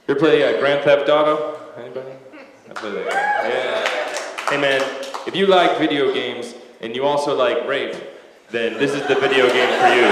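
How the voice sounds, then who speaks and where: A man doing a stand-up comedy set on a club stage, deadpan with lots of "uh" pauses. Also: medium pitch. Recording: echoey live club with loud noise.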